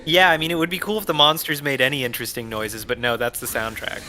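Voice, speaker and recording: A man watching a friend play a video game, teasing him bluntly with quick jabs. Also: mid-range voice, fairly even intonation, bright, forceful tone, a little hiss or hum. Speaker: gameplay co-commentator. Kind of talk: casual chat watching gameplay.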